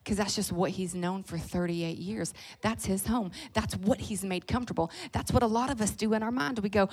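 Middle-aged kentucky woman, preacher, folksy animated sermon, mid-pitched voice, loud then soft. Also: moderate pace, hardly any pauses, breathy edge.

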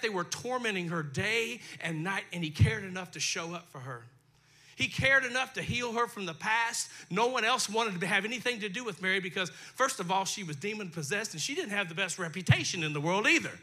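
A man's voice: sits high, pushed and bright. A male pastor preaching a sermon in a folksy, conversational way, talking directly to his congregation, his throat dry. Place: church sanctuary.

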